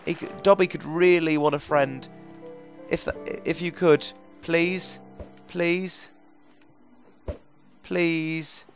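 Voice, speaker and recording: A young man commentating a video game as he plays, chatting to himself, coaxing and easily frustrated, with sudden bursts of excitement. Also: fairly high pitch, normal speed, faint music behind. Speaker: gaming commentator. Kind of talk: let's play commentary.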